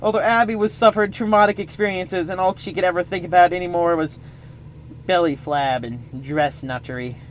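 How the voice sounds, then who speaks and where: A man's voice: high-pitched, slight background noise. A man improvising a comic story, rambling with playful asides.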